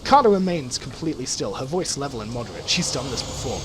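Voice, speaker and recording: Lively man narrating a video game. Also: mid-range voice, fast, background noise. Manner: lively, self-interrupting, reacts aloud. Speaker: let's play host. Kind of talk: reading game text aloud and commenting. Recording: game music behind.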